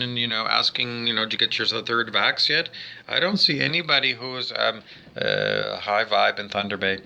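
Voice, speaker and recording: A man's voice: medium pitch, gravelly, bright, forceful tone, dull audio. A man delivering a rambling monologue as a spiritual vlogger, talking indoors by a window, insulting listeners and repeating "I don't know" over and over. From Canada.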